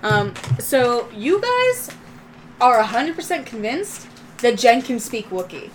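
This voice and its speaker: A woman's voice: fairly high pitch, sing-song, slow pace, slight background noise. A woman narrating as game master of a tabletop game, describing scenes in a loose, descriptive way with fillers.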